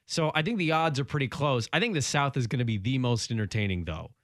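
A male sports radio co-host with a mid-pitched voice, loud and sure of himself as he analyzes teams. The sound is dry and close in a studio booth. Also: expressive, fast talker, no echo. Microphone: studio mic.

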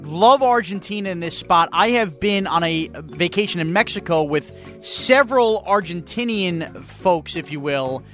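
High-voiced easygoing male co-host. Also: expressive, a little slow, fairly bright tone, soft background music. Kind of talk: casual sports radio banter.

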